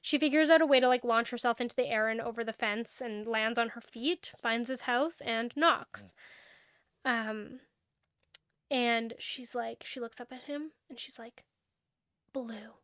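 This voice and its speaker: A young woman with a high, smooth, resonant voice chats through a book recap for her podcast. She tells the story animatedly, dropping into snappy quoted dialogue as she goes. The sound is dry and close, with no room around it. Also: a little slow, a bit bright, no room sound. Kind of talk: casual book recap chat.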